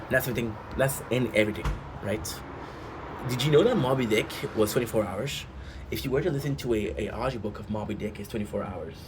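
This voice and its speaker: A man's voice: lowish voice, fast talker, background noise. A man streaming and chatting casually, rambling and asking his chat rhetorical questions. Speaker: gaming streamer.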